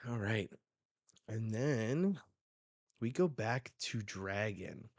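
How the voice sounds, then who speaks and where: A man reacting on a live stream as he reads a manga, talking casually and excitedly into a close desk mic. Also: lowish voice, very slow, no echo.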